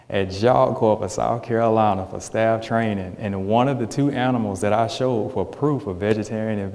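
A man delivers a sermon in a mellow, warm voice, joking and talking directly with his congregation. His voice rings out through a church hall with a long echo. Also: on the low side. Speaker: preacher. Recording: echoey hall.

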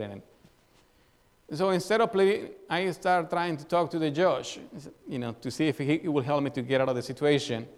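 A man's voice: on the high side, normal speed. A male pastor preaching a sermon, telling a personal story and asking the congregation questions with a repeated "right?". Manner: asks the congregation questions and tags lines with "right?"; tells a personal story as an illustration. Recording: long reverb of a hall.

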